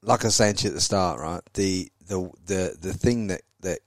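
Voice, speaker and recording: A man's voice: low voice, normal speed, no room sound. A man hosting a podcast, bantering casually, swearing freely and repeating words as he starts sentences. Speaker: podcast host. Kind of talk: casual chat.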